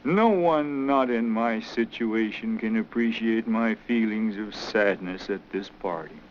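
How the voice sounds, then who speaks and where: A man's voice: fairly low pitch, slight background noise, lightly acted. A man playing a grave president's farewell. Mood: solemn. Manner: slow, solemn oratory. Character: grave male president bidding hometown farewell. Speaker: actor in a film. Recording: dull old 1940s film soundtrack.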